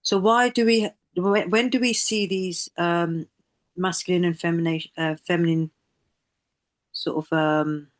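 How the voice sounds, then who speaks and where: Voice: mid-range voice, steady tone, measured pace. A student asking questions during a language lesson, hesitant and searching for words. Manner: hesitant, many fillers and restarts.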